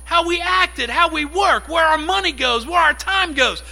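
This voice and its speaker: Brief: male pastor, high and bright voice, lively conversational sermon delivery. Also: normal speed, gravelly, poor audio. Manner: conversational, animated preaching with acted-out quotes.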